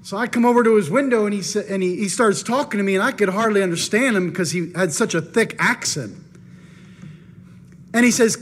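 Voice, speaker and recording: A man preaching, telling a personal story in an animated first-person way and acting out his own thoughts. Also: high-pitched, brisk, slightly rough. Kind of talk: storytelling in a sermon.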